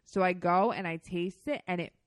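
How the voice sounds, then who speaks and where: A woman co-hosting a podcast, chatting casually and telling animated stories with frequent laughter. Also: fairly low pitch, normal speed, no echo, clean studio sound. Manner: animated storyteller, laughs often. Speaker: podcast co-host. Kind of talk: casual chat.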